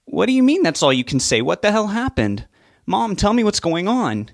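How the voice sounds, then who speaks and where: A man voicing an irritated, impatient adult son who talks in a sharp, exasperated way. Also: fairly high pitch, expressive, brisk, vocal fry, no room sound, studio quality, pitched above the performer's own voice. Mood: alarmed.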